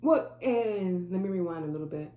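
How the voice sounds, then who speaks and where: A woman with a lowish, warm, expressive voice earnestly tells a personal story to the camera at a moderate pace, acting out other people's lines as dialogue. The room is echoey, with a faint hum.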